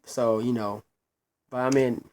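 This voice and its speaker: Man, mid-pitched, solo wrestling reviewer; blunt, profane, repetitive rant. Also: fairly even intonation, unhurried, a little mellow, a little hiss or hum. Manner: blunt, profane, repeats words when worked up.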